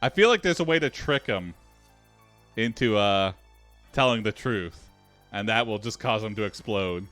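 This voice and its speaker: A man's voice: on the low side, lively intonation, moderate pace, pauses often, a bit bright, faint music behind. A man co-hosting a casual podcast who reads out an improvised story with plenty of laughter. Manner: laughs a lot, reads story lines in a plain voice. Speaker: podcast co-host reading an AI story.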